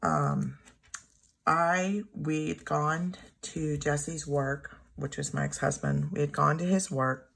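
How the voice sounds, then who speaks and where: A woman in her thirties telling a personal story at home in a rambling, halting way, often correcting herself. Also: sits low, animated, creaky, fairly bright tone. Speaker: planner vlogger. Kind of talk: casual storytelling while journaling. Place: home room.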